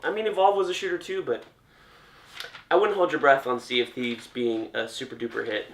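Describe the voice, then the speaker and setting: Brisk and a bit bright, with a steady, mid-range voice, a young gaming commentator reacts chattily and jokily to gaming news. His casual commentary keeps trailing off and restarting, recorded with a roomy echo.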